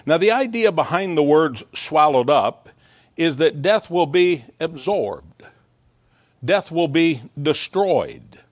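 Earnest preaching pastor, fairly high voice. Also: male voice, big pitch swings, slow, no echo, clean studio sound. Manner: earnest preaching, rising to emphatic peaks, occasional self-interrupting asides. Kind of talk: sermon.

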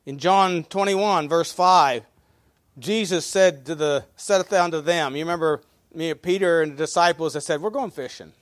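A man preaching a sermon as pastor, folksy, swinging between loud emphasis and quiet asides. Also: fairly high pitch, moderate pace, no echo, studio quality.

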